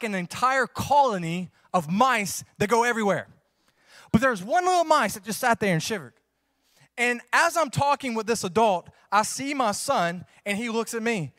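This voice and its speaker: Pastor guy in his 30s, higher voice, dry close sound, folksy jokey sermon that builds up. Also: fairly bright tone, no echo. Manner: folksy, joking storyteller who preaches with rising fervor.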